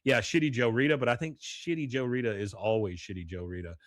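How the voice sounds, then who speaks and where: A man's voice: mid-range voice, expressive, fast, no room sound. Male podcast host, casual rambling recapper, mid voice, dry close mic. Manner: rambling retelling full of "uh" and acted-out quotes.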